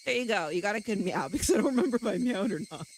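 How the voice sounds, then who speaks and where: A woman's voice: medium pitch, animated, very fast, slight background noise. A woman streaming live, chatting casually and reading a visual novel aloud, laughing often and swearing freely.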